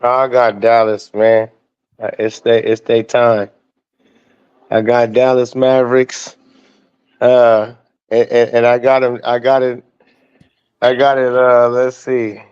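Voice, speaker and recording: Man, smooth clear voice, hesitant, casual sports talk, dull lo-fi sound. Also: medium pitch, level tone, slow pace, pauses often, a little mellow. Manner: thoughtful, hesitant. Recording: dull lo-fi audio.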